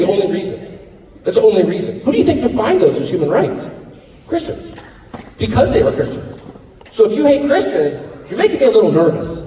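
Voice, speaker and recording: A middle-aged American man giving a live speech at an event, speaking in a sarcastic, mocking, animated way. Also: high-pitched. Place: large hall with live audience. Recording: echoey hall recorded from far off in audience.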